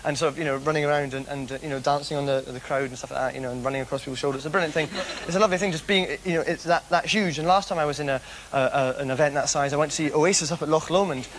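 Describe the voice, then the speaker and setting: Male comic, high quick voice, giggly rambling delivery, noisy recording. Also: fairly even intonation, a bit bright. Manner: manic, giggly, rambling with many restarts. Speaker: comedian host. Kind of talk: rambling stand-up storytelling.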